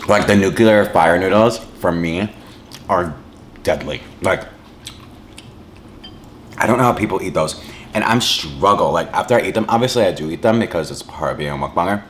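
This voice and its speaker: A man's voice: deep voice, moderate pace, long pauses, a little hiss or hum. A man casually chatting to his viewers while eating, rambling and saying "like" a lot, humming between bites. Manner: rambling, says "like" a lot, chews and hums between lines. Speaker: mukbang vlogger.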